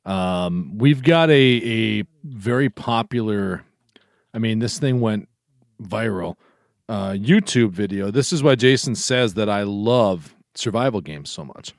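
A man hosting a casual podcast, playful and quick to laugh, pointing listeners to the show notes. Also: fairly low pitch, animated, vocal fry, dry recording, studio quality. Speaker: podcast host. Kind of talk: casual chat.

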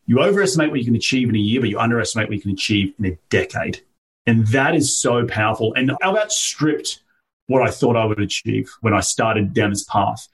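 A man's voice: fairly low pitch, lively intonation, a little fast. An upbeat Australian man in his thirties, a guest in a podcast interview, telling his story in a talkative way and laughing easily. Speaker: guest entrepreneur. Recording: voice a little distant from the mic.

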